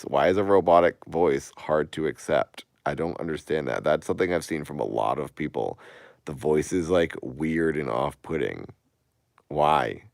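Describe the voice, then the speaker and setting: A man's voice: very deep voice, creaky, a little mellow, dry recording. A man in his late thirties chatting casually on a live stream, rambling and growing emphatic and incredulous. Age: 30s.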